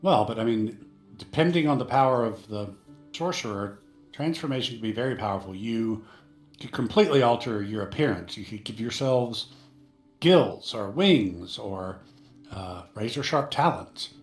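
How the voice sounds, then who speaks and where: A man running a tabletop game as game master, explaining rules in a halting way with many fillers. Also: fairly low pitch, expressive, reverberant, faint music behind.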